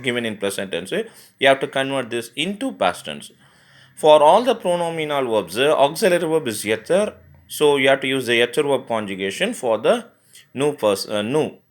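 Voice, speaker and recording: Male tutor, mid-pitched, halting explainer who spells verbs out letter by letter. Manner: spells words letter by letter, frequent fillers and restarts. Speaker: French teacher. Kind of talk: grammar lesson explanation.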